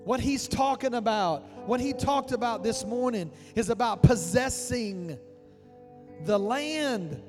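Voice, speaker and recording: A man preaching a rhythmic, repetitive sermon as pastor, building to fervent, loud delivery. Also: very high voice, animated, slow, in a large hall. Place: church sanctuary. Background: loud music.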